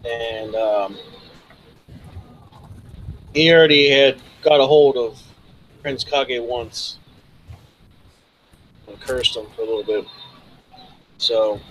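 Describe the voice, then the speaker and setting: Hesitant companion NPC, earnest and halting, voiced plainly by a man with a little hiss of noise. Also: mid-range voice, close to an everyday voice, low-quality recording. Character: Hans, a man of the party's allies.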